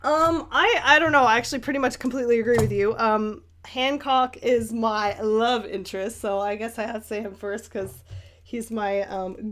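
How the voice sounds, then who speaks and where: A woman's voice: fairly high pitch, expressive, moderate pace. A young American woman chatting casually as she paints and answers viewer questions, rambling with lots of ums and little laughs. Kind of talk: casual paint-along chat.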